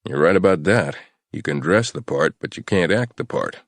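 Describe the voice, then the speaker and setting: A composed soldier gently talks a captive round, the reasonable good cop, as a male narrator plays him. His voice is very deep with lively turns, recorded dry and close. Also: normal speed, no room sound. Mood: coaxing. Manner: calm, coaxing, persuasive.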